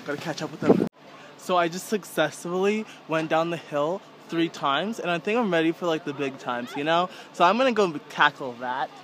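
An excitable young man vlogs from a snowy ski mountain, joking about his own clumsiness in a fairly high voice. He holds the camera at arm's length outdoors, and steady mountain noise runs under his voice. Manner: excitable, chatty, self-mocking. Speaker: vlogger. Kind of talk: casual vlog chat to camera. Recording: noisy outdoor mountain ambience.

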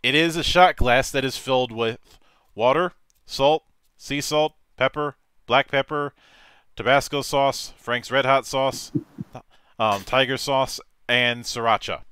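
A man's voice: medium pitch, takes it slowly, sharp tone, smooth, no echo. A man hosting a casual interview and telling joking stories about his game table. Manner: joking, storytelling. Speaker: interview host, game master.

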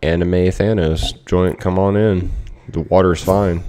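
A man's voice: deep voice, steady tone, measured pace, dark tone. A man hosting a casual gaming stream, joking and bantering with viewers and teammates. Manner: joking, bantering, playfully bossy. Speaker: streamer host.

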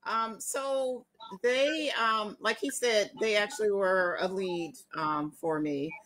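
A woman real estate agent, answering in a measured, hesitant way. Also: mid-range voice, fairly bright tone. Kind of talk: guest interview.

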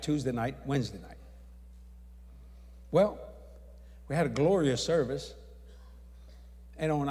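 A man preaching a sermon, telling his story in a folksy, animated way. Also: mid-range voice. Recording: reverberant hall.

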